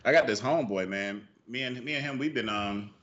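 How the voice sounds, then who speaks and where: A man's voice: medium pitch, brisk, a bit bright. A man chatting casually on a podcast, laid-back and swearing as he talks. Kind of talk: casual stoner podcast chat. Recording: dull mic.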